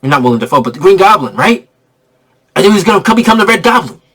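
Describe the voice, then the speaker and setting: A young man giving an excitable, slangy spoiler review of a movie, repeating himself for emphasis. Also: sits high, fast talker, background noise.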